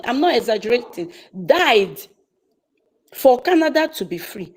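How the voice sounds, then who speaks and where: A woman's voice: high-pitched, very animated, moderate pace, a little mellow, low-quality recording. A woman speaking on a call, telling a story with passion, often repeating herself and restarting sentences. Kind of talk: casual testimony on a live call.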